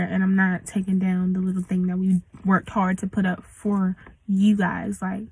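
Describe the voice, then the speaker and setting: A woman's voice: mid-range voice, level tone, fast, darkish tone, breathy edge, low-quality recording. A young woman in her late teens venting in a casual storytime rant, slangy and full of likes. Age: young adult. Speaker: vlogger.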